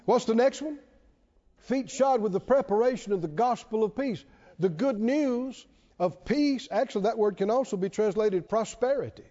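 A man's voice: high-pitched, expressive, normal speed, dark tone. A man preaching a sermon to a congregation, emphatic and repetitive, often asking the listeners questions. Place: church. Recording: dull, lo-fi church hall reverb.

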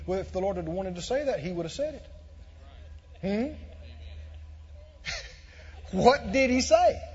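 A high-pitched man delivering an emphatic sermon, piling up repeated phrases and rising to shouts. His voice is husky, and the recording is muffled, with a long reverb from a large hall. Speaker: preacher.

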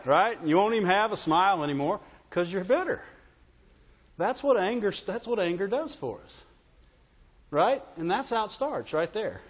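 A man's voice: sits high, sing-song, moderate pace, husky. A man preaching a sermon as pastor, talking in a conversational way and often checking in with the congregation. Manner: conversational, repeats "Amen?" and "Right?". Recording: dull, with long hall reverb.

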